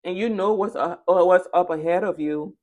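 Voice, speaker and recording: Tarot reader, female, lower register, chatty and emphatic, repeats lines for stress. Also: moderate pace, highs cut off. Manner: casual and chatty. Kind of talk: spoken tarot reading.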